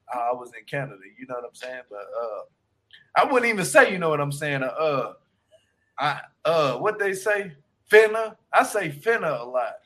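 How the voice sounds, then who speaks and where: A man's voice: fairly high pitch, a bit bright. A man from Louisiana with a Shreveport accent, chatting casually, laughing often and swearing freely. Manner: laughs often, loose and profane. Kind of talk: casual chat.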